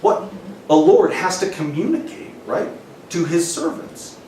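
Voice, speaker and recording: A man preaching a camp sermon, animated, laughing often and asking the crowd questions. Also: high voice, a little slow, a little hiss or hum. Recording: roomy hall, distant mic, faint ambience.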